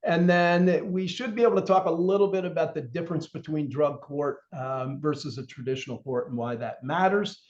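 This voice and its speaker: A man's voice: on the high side, normal speed, few pauses, a little mellow, muffled recording. A man leading an online corrections training session, talking through the objectives in a conversational way with lots of fillers.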